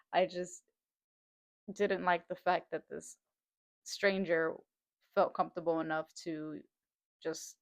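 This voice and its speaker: A woman's voice: on the low side, no room sound. Heated ranting young woman. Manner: heated, swears a lot, laughs between lines. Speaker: host. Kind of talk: casual rant storytelling.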